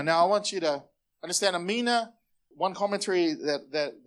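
High-voiced pastor preaching. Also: male voice. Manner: energetic, calls on the congregation to repeat phrases. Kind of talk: sermon.

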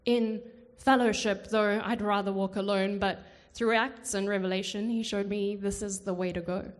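A woman performing spoken word poetry in church, slow and measured, with dramatic pauses. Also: medium pitch, fairly even intonation. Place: church hall. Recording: hall reverb.

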